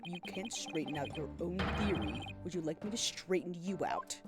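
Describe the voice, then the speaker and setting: A smug, sword-dueling male prosecutor from a courtroom game, dropping his voice low and drawing out his taunts with theatrical menace, as a woman streamer puts him on. Loud game music plays under him. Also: lively intonation, moderate pace, lightly acted. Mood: taunting.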